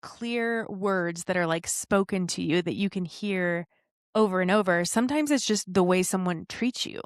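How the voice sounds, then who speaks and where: A woman's voice: fairly low pitch, moderate pace, no room sound, studio quality. A woman in her thirties hosting a podcast, talking earnestly and encouragingly and telling stories with a laugh. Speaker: podcast host. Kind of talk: reflective solo podcast talk.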